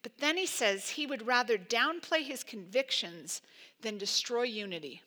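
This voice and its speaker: Bright-voiced woman preaching emphatically. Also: a little high, expressive, moderate pace. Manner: emphatic, conversational preaching with frequent "like" fillers. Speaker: pastor. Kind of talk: sermon.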